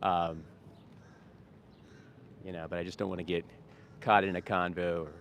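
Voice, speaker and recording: A man with a low voice records a casual vlog on a town street while doing vegan outreach, with a little hiss or hum in the audio. The vegan street activist talks in an upbeat, rambling way, full of fillers and restarts.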